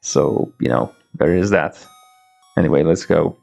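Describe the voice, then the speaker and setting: A man's voice: a bass voice, a little slow, vocal fry, a little mellow, faint music behind. A man in his twenties streaming a game, chatting loosely with restarts and laughs, reading the on-screen dialogue in his own voice. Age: 20s. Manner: rambling, stammering restarts, swears, laughs often. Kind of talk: casual gameplay commentary, reading dialogue aloud. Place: home room, playing on a laptop.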